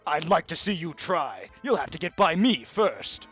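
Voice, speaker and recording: A man's voice: a little high, big pitch swings, moderate pace, a bit bright, breathy edge, faint music behind, full character voice. A man voicing a brave, defiant old male slime elder who speaks sternly.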